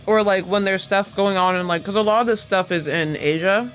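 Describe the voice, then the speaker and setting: A man with a noticeably high voice chats on a podcast, rambling through his thoughts with plenty of fillers. Faint music plays quietly underneath. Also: fairly quick. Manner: rambling, filler-heavy, animated when retelling. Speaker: podcast co-host. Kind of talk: casual chat.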